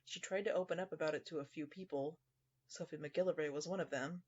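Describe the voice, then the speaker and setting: A man's voice: on the high side, steady tone, quick pace, breathy edge, dull audio. A man narrating a scripted first-person horror story in a dry, sarcastic tone.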